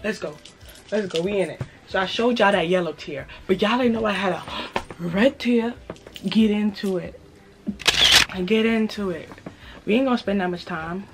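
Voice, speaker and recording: A young woman with a New York accent and a slightly raspy voice, hosting a casual haul video and hyping her purchases to viewers in a playful way. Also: mid-range voice, normal speed, noisy background. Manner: playful, hyped, repeats phrases, talks straight to viewers. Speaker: fashion vlogger.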